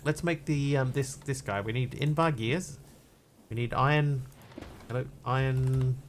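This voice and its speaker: A man of mid pitch talks his way through a live stream of a block-building game, rambling and chatty, with sudden excited greetings for viewers. Faint hiss and mouse clicks sit under his voice. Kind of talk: casual game commentary.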